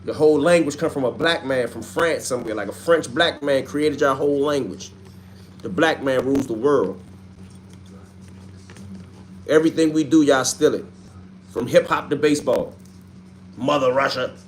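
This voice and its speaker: Dude w/ AAVE on a livestream, reading comments n trash talking, bit of faint hiss behind. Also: male voice, mid-range voice, normal speed, long pauses. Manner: trash-talking, animated, street slang. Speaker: livestream host.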